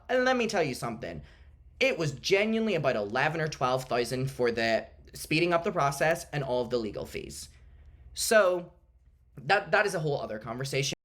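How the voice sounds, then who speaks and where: A man's voice: medium pitch, big pitch swings, brisk, a bit bright. A man vlogging to camera as a YouTuber, talking in an exasperated, emphatic way.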